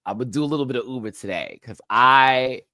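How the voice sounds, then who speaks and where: A man hosting a casual live review, campy and sassy, laughing often and swinging his pitch wildly. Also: brisk, sharp tone, no room sound, clean studio sound. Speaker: show host, reality TV reviewer.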